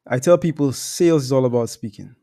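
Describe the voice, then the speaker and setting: A man's voice: medium pitch, a little fast, dark tone. A man talking as a sales coach in a casual discussion, laid-back and slangy, explaining with examples.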